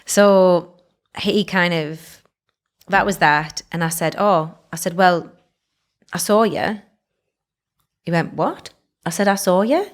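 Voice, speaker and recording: A woman's voice: fairly low pitch, steady tone, slow pace. A woman, co-hosting a casual podcast chat and telling stories full of acted-out quotes. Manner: chatty storyteller, lots of fillers and acted-out quotes. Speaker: podcast co-host.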